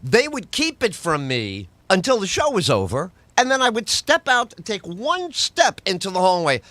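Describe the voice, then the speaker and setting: A man's voice: high-pitched, moderate pace, dry recording. A middle-aged man from New York, a radio host and comedian, telling stories in conversation and acting out other people's lines. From New York, USA. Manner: acts out other people's lines in lively voices. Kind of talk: animated storytelling in conversation.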